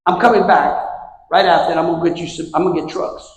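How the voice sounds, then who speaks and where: Bragging rich buyer guy, louisiana man putting him on, drawly and quick, echoey hall. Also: a little high, steady tone, pitched below the performer's own voice, close to an everyday voice. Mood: boastful. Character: boastful rich male car buyer in a joke. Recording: echoey hall with long reverb.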